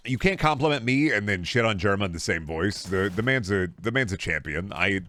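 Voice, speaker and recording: A man's voice: on the low side, lively intonation, fairly quick, background noise. A young male streamer riffing on his chat in a crude, sarcastic, casual way.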